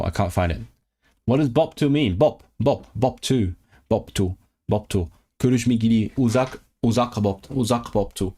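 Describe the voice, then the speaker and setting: Low-leaning and mellow, the voice comes from a Hong Kong man learning a language on a livestream for his chat. He sounds words out, repeats them, and corrects himself as he goes, out loud.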